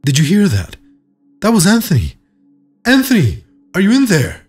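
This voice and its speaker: A man voicing a frantic young woman who shouts and pleads with her friend in a horror story reading. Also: a little high, huge pitch swings, normal speed, breathy edge, faint music behind, pitched above the performer's own voice, full character voice. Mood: frantic calling.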